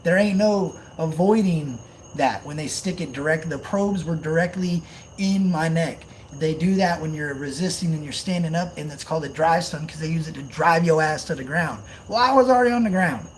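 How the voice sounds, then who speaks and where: A young man with a drawl tells stories on a live stream, slightly high-voiced for a man. He is animated and profane and breaks into loud outbursts as he retells. Faint crickets chirp behind him. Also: normal speed, slight background noise. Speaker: channel host on a live stream. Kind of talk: casual storytelling on a live stream.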